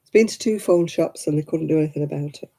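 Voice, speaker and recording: Husky, dark-voiced woman. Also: low-pitched, quick pace. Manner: chatty, rambling, laughs often. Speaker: craft live-stream host. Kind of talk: casual live-stream chat.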